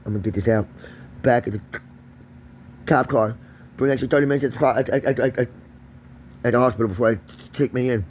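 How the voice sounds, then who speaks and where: A man's voice: mid-range voice, fast, pauses often, darkish tone, a little hiss or hum. Profane ranting man. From Kentucky. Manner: erratic, profane, confrontational, repeats himself. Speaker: vlogger. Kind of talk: solo profane rant to camera.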